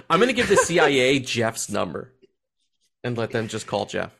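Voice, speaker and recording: Excitable, swearing man. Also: mid-range voice, gravelly. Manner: excited, profane, laughing storyteller. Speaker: podcast co-host. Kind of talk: casual chat.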